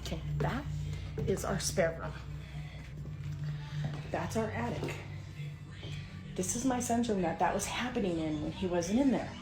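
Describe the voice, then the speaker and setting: A woman's voice: mid-range voice, a little slow, long pauses, music in the background. A middle-aged woman filming her house on her phone, breathless and jittery, often dropping to a whisper. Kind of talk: frightened phone recording of a haunting. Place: inside a house. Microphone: phone camera. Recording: phone recording with clear background noise.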